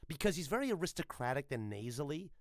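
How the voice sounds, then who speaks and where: A man from the United States hosting a podcast interview, chatting in an animated, profane, jokey way with lots of restarts. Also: a little high, quick pace, dry recording, clean studio sound. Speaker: podcast host. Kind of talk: casual interview chat.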